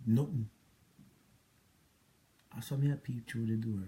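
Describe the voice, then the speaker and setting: A Jamaican man delivers a long rambling monologue, scolding someone who is not there. He circles back to the same points again and again in a mid-pitched voice. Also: fairly even intonation, unhurried, warm tone. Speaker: relationship advice vlogger. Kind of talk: ranting monologue to an ex.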